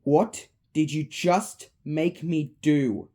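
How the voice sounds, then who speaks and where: A woman's voice: low voice, drawn-out words, mellow, exaggerated voice. A woman voicing a frightened young girl who pleads in a raised voice. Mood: scared.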